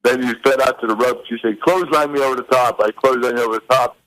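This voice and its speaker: A man appearing as a guest on a podcast, laughing along and retelling a shared story in a lively voice. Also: medium pitch, fast, rough recording. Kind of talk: casual storytelling chat.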